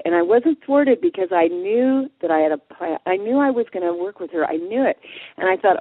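A woman guest in a radio interview, telling a story in a lively way and acting out what people said. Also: lowish voice, fairly quick, no echo. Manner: animated storyteller, acts out quotes. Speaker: guest, passion coach. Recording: dry tinny phone line.

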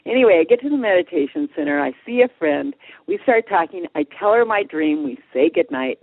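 A woman guest in a radio interview, telling a story in a lively way and acting out what people said. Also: mid-range voice, brisk, gravelly, slightly rough, dry recording. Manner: animated storyteller, acts out quotes. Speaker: guest, passion coach. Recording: dry tinny phone line.

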